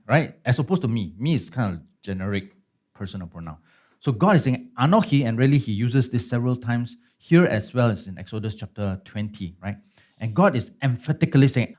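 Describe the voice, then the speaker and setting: A man's voice: mid-range voice, animated, brisk, darkish tone. A pastor teaching a Bible study class in a conversational way, often checking in with his listeners. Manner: conversational, checks in with listeners with frequent tag questions.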